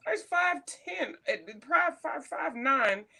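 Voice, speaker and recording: Profane, bright-voiced woman telling stories. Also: high-pitched, animated, a little slow, creaky. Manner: profane, blunt storytelling. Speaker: co-host. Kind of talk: casual chat.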